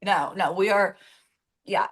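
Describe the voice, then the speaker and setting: A woman's voice: medium pitch, slow. A woman co-hosting a casual recap chat, talking chattily and laughing often as she rambles. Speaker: podcast co-host.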